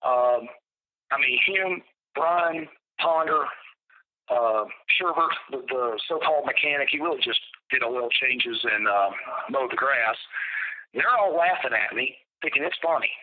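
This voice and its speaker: A man's voice: mid-range voice, a little slow. A man recounting a personal story over a phone call, blunt and profane, in a matter-of-fact way. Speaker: interviewee. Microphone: telephone. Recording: tinny phone line.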